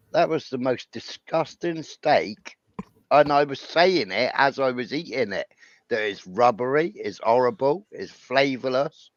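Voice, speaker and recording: A man's voice: medium pitch, no echo. A man tells a casual, rambling story, often adding "right?" and "you know". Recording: dull lo-fi sound.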